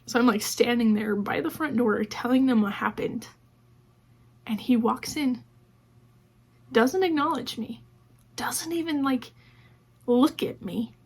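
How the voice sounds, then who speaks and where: A woman vlogger tells a personal story casually, slipping into the voices of the people in it. Her voice sits a little high but sounds husky, with a gravelly fry running through it. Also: unhurried, pauses often. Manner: conversational, acts out quoted dialogue with many "like"s.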